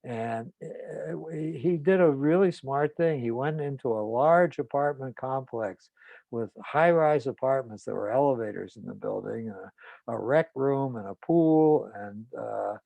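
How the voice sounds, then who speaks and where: A man, a psychotherapist, recounting a client's case in a measured, deliberate way. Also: mid-range voice, gravelly, dark tone, dry recording, low-quality recording.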